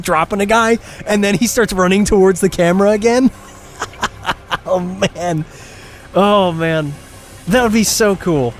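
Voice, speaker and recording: A young man streaming a game, chatting excitedly, laughing often and reading viewer comments aloud. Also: sits high, slight background noise. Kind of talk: casual live gameplay commentary.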